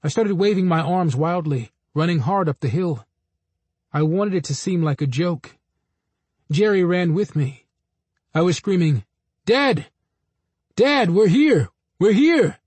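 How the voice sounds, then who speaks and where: A man reading a memoir aloud in a steady, measured storytelling voice. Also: a little high, husky, dry recording. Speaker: narrator. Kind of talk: audiobook memoir narration.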